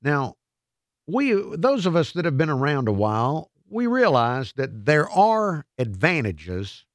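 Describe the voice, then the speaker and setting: A man's voice: on the high side, big pitch swings, unhurried, dry recording, studio quality. A man hosting a radio talk show, playful and self-mocking, often trailing off and restarting. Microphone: studio microphone.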